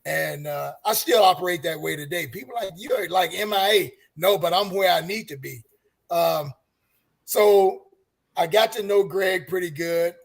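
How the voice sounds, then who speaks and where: A man's voice: sits high, normal speed, gravelly. An older man, a longtime super fan, telling earnest stories on a fan roundtable and giving life advice. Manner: earnest, preachy, gives advice. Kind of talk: casual storytelling.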